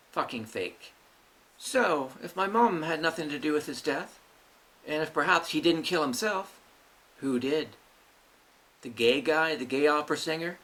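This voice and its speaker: A man's voice: fairly high pitch, bright, forceful tone. A middle-aged man hosting his own show, ranting bitterly about his family with heavy swearing. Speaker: vlog host. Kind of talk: angry personal monologue.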